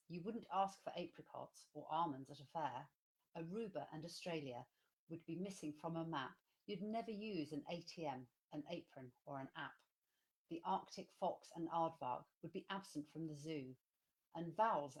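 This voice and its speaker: A woman's voice: sits low, darkish tone. A woman co-hosting a casual online show, playful and mock-ceremonious, who also reads a poem aloud. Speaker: co-host and poem reader. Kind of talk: casual chat and poem reading.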